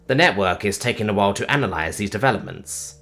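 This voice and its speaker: A man's voice: on the low side, lively intonation, fast, vocal fry, bright, forceful tone, soft background music, voice pushed down, heavily acted. A man voicing a literal-minded, caring robot who speaks formally, with no contractions.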